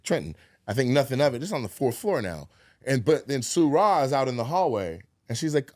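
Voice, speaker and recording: A man's voice: medium pitch, a little fast, no echo, clean studio sound. Profane storytelling podcast man. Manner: animated, acts out quotes, profane. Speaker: podcast co-host. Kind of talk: casual storytelling chat.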